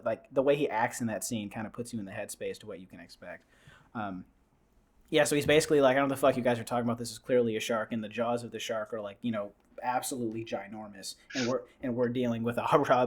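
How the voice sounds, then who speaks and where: A man's voice: mid-range voice, fast. A young man hosting a podcast, rambling casually through a movie recap and acting out the characters' lines. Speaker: podcast host. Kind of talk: casual movie review chat.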